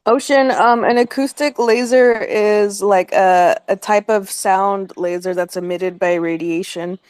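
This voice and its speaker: A woman with a clear, smooth voice who speaks slowly. She teases others in a deadpan way during a casual online group chat, with a dry, close sound. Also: mid-range voice, no room sound, rough recording.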